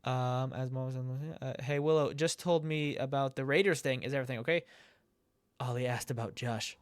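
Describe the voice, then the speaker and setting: A man's voice: mid-range voice, steady tone, brisk, clear, resonant tone, no echo, clean studio sound. A man narrating his gameplay in a casual, chatty way, reading chat messages aloud and reacting with laughs and the odd swear. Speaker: let's play gamer.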